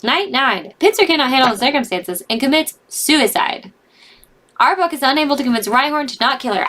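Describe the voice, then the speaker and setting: A woman's voice: high-pitched, big pitch swings, moderate pace, fairly bright tone. A young woman reading out a game's results and reacting to them with cries and laughter in casual commentary. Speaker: gaming video host.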